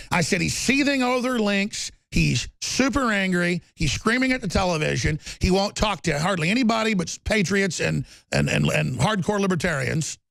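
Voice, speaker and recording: A man hosting a political talk show, ranting rapidly and heatedly with stammering restarts. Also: high-pitched, vocal fry, fairly bright tone, no room sound.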